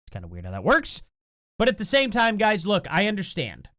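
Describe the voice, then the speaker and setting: A host ranting in casual political commentary from a home setup, sarcastic and animated, with laughing asides, recorded on a computer mic without a compressor. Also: medium pitch, a little fast, dry recording, studio quality.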